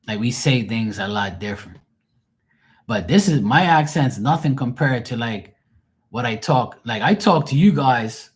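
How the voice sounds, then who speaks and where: A man's voice: mid-range voice, expressive, a little slow, breathy edge. A middle-aged man with a Bermudian accent, a tarot reader rambling casually to his livestream viewers with plenty of profanity and frequent laughs.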